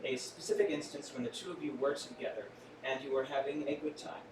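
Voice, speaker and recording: A man's voice: medium pitch, steady tone, fast. A man performing stage mentalism live for a small audience, with theatrical, playful patter and joking asides to the crowd. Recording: echoey room, far from mic, audience noise.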